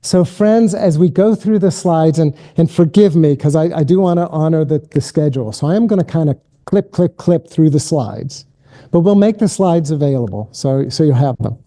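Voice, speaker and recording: Man, middle-aged, spiritual director, gentle, self-deprecating, fairly high voice, very mellow tone. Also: lively intonation, moderate pace. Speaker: keynote speaker and spiritual director. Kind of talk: guided contemplative prayer, then lecture.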